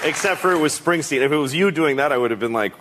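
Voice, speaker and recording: A man, a comedian guest, telling a comic story on a talk show, animated and self-mocking, acting out voices as he goes. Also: a little high, racing, crowd noise, noisy background. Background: studio audience laughing.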